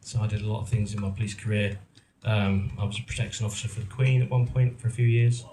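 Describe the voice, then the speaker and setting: A middle-aged English actor and producer gives a talk at an event venue in a roomy hall, telling his story casually to a live audience. He rambles and mocks himself, with lots of ums and restarts, talking fast in a lowish, mellow voice that barely moves in pitch. The room is echoey, with slight background noise.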